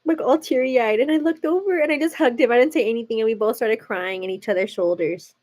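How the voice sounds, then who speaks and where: A chatty woman with a slightly high voice hosts a live makeup session. She talks casually and confidingly to her viewers as she works, filling her speech with "like" and calling them "girl". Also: quick pace, a little mellow. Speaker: livestream beauty host. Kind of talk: casual makeup tutorial chat.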